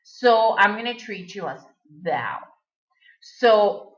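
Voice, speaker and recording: A woman's voice: mid-range voice, expressive, drawn-out words, fairly bright tone. A native Spanish-speaking woman giving a recorded language lesson, patiently repeating words for the learner. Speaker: Spanish teacher. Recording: dull lo-fi recording.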